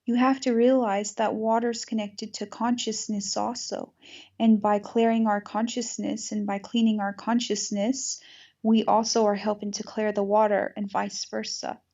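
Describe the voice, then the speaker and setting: Flat-voiced gravelly woman host. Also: mid-range voice, normal speed, dull audio. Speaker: podcast host. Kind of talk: casual spiritual conversation.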